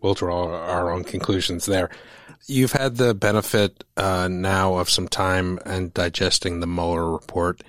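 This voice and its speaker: Male interviewer, low voice, dry sound; direct and probing questions. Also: steady tone, unhurried, no echo.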